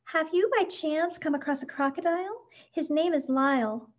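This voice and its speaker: A woman voicing a fretful, high-pitched fussing lady. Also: moderate pace, natural voice. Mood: frantic. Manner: anxious, fussy questioning. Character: fretful, doting middle-aged woman caring for a crocodile. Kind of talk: storybook read-aloud. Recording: dull lo-fi recording.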